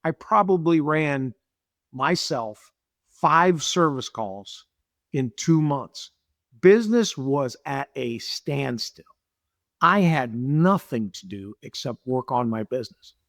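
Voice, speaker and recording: Speaking slowly in a mid-range voice, a middle-aged man who owns a business tells animated stories during a casual interview. He acts out quoted dialogue and repeats himself, and the studio-quality audio has no echo.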